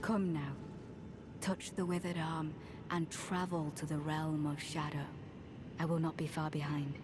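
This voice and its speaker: A devout female knight, formal and earnest. Her low, flat voice sits over clear ambient game noise. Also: a little slow. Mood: solemn. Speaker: game character.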